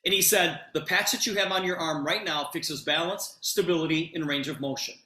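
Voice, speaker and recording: A middle-aged man retelling a conversation to an audience with lots of expressive emphasis. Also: on the high side, fairly quick, reverberant. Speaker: presenter telling a personal story. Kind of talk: animated storytelling to an audience.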